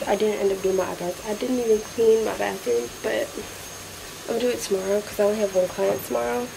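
A woman's voice: medium pitch, steady tone, fast talker, gravelly, noisy background. A nineteen-year-old woman from Florida, chatting casually to her viewers in a vlog, a little out of breath. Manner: chatty, addresses viewers as y'all. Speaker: vlogger.

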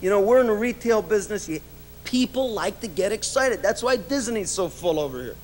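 A man's voice: high-pitched, lively intonation, brisk, slight background noise. A middle-aged man giving a business speech, telling anecdotes with frequent laughs and many "you know"s. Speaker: business speaker. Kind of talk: keynote storytelling speech. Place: event stage before an audience.

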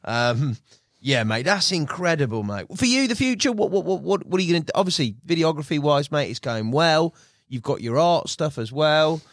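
A man's voice: a little high, lively intonation, normal speed, dry recording. Male podcast host, chummy interviewer, calls everyone "mate", dry sound. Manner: friendly, calls the guest "mate" constantly. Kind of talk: casual interview.

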